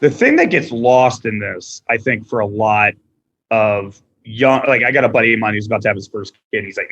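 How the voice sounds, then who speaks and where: A man in his thirties chatting casually as a podcast guest, telling animated stories and quoting people in voices. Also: lowish voice, a little fast, dull audio. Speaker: podcast guest, restaurant owner.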